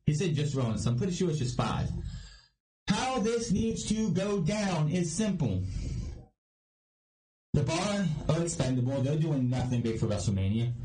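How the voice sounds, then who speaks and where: A man's voice: a little high, dark tone. A man hosting a podcast, ranting bluntly and swearing for emphasis as he gives his opinions on wrestling. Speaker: podcast host. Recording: echoey room with faint noise.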